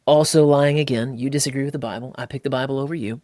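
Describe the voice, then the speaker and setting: A man's voice: medium pitch, steady tone, fast, darkish tone, dry recording, studio quality. An American man co-hosting a casual podcast, talking bluntly and energetically, often mimicking other voices. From United States. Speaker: podcast co-host.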